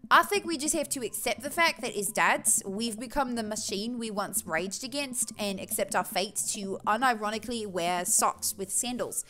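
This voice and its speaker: A woman voicing a relaxed, wry male dad with a put-on Australian accent. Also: fairly high pitch, moderate pace, few pauses.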